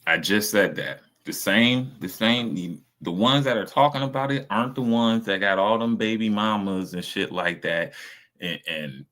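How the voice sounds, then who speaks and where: A man's voice: lowish voice, moderate pace, fairly bright tone. A man, reacting to videos on a casual stream in a blunt, profane, rambling way.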